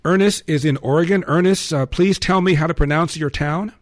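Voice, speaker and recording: A man's voice: on the high side, a little fast. A man hosting a call-in radio talk show, arguing emphatically and firing off rhetorical questions.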